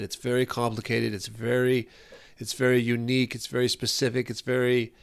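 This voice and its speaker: A man's voice: mid-range voice, vocal fry. A man hosting a podcast, giving an earnest, rambling solo talk on parenting, often repeating phrases as he searches for words. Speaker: podcast host.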